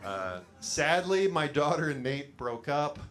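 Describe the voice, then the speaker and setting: Middle-aged comic from California, slightly high-pitched, meandering self-mocking delivery on a handheld mic, faint noise behind. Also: male voice, big pitch swings, a little slow. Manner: rambling self-deprecating storytelling with many fillers. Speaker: stand-up comedian. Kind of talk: stand-up comedy set. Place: small studio stage with a live audience.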